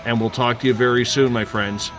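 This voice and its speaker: Brisk male radio talk show host. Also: medium pitch, steady tone, over music. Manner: brisk, announcer-like wrap-up.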